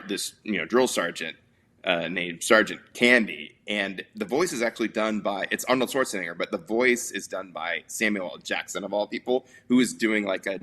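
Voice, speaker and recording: Sitting low but bright, with a forceful tone, this man's voice carries a casual movie review podcast he hosts. His storytelling rambles and leans heavily on fillers.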